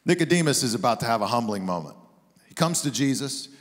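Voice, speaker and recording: A man's voice: mid-range voice, expressive, quick pace. A man preaching a sermon as a guest pastor, telling stories in a conversational, joking way. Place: church sanctuary. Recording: long hall reverb.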